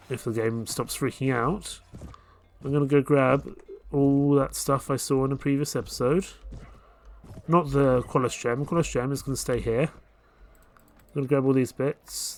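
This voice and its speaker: A man hosting a let's play, giving casual commentary as he plays and thinking aloud about his next moves. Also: medium pitch. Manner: relaxed, thinking aloud while playing. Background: faint game music.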